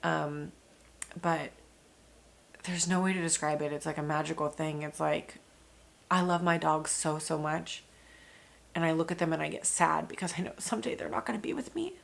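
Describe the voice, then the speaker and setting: A woman's voice: low voice, level tone, moderate pace, vocal fry, long pauses. A young woman, a new mother, chatting candidly in a casual vlog, full of fillers and the odd swear word.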